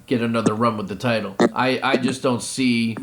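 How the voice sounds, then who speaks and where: A man's voice: medium pitch, steady tone, normal speed, fairly bright tone. A man hosting a podcast in casual chat, laughing often and moving things along. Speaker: podcast host. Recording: noisy podcast recording.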